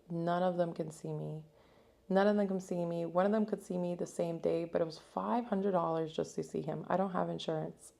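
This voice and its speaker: A young woman vlogger telling a casual story, chatty and animated, full of fillers and acted-out quotes, still shaken by what happened. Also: lowish voice, creaky. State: upset and shaken.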